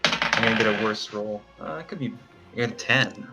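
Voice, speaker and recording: A man playing a tabletop game, chatting and joking in relaxed banter. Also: lowish voice, fairly quick, over loud music. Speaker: player. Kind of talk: casual tabletop game chat.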